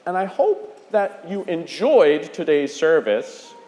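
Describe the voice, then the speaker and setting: A lively, fairly high-pitched man, the director of lifelong faith formation, leads children's time slowly in a large church sanctuary. He's playful, asking questions and singing along. The audio is dull and echoey, with organ music behind him.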